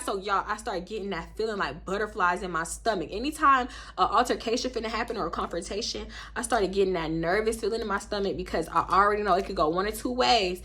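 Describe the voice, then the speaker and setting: A woman's voice: medium pitch, animated, fast talker, hardly any pauses, pushed and bright, breathy edge. A young woman in her twenties with a Houston Black American accent, telling a dramatic storytime on her vlog, acting out quoted voices and swearing freely. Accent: African American Vernacular English, Houston. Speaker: storytime vlogger.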